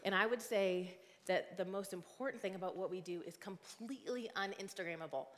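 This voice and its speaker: A woman's voice: mid-range voice, a little fast. Earnest woman preaching in a reverberant hall. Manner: conversational, earnest, heavy on fillers. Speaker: guest preacher and youth ministry leader. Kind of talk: sermon. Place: church sanctuary.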